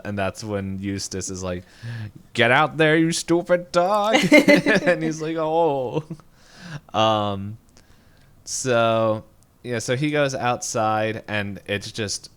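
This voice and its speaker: A man co-hosting a podcast, casually retelling a cartoon episode in a rambling way and acting out quick lines. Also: lowish voice, clean tone. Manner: rambling, animated retelling with quick voiced quotes. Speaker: podcast co-host. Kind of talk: casual recap chat.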